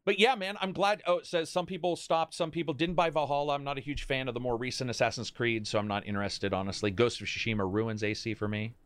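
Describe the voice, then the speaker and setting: A man hosting a casual talk stream about video games, rambling and animated, talking to his chat. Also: mid-range voice, fast, few pauses, clear, resonant tone, no echo. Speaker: host.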